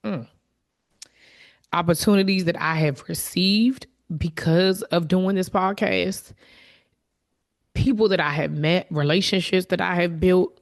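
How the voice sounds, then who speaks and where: Low-voiced woman hosting a heartfelt podcast. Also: measured pace, vocal fry, long pauses. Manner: candid, conversational, openly emotional. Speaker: podcast host. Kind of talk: reflective solo podcast talk.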